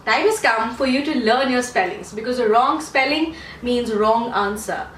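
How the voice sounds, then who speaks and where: A woman's voice: fairly high pitch, moderate pace, a bit bright, a little hiss or hum. Chatty woman coach in an echoey room. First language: not English. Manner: chatty, repeats points, asks rhetorical questions. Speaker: English test coach. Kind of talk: casual teaching monologue. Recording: echoey room, mic at a distance.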